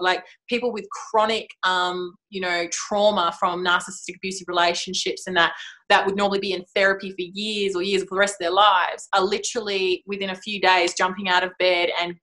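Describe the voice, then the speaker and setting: A woman hosting a casual conversation, expressive and enthusiastic, often laughing as she talks. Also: medium pitch.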